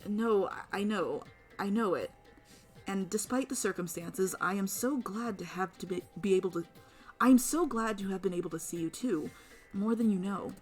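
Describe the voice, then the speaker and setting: Game character: woman doing a calm, decisive young woman, hushed and urgent, mid-pitched. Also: normal speed, faint music behind, lightly acted. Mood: tender, hushed.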